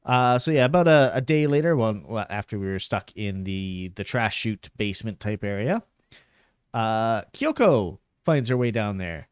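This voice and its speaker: Male streamer, casual rambling commentary, animated pitch, dry headset sound. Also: moderate pace, clean tone, no room sound. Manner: chatty, rambling, laughs often.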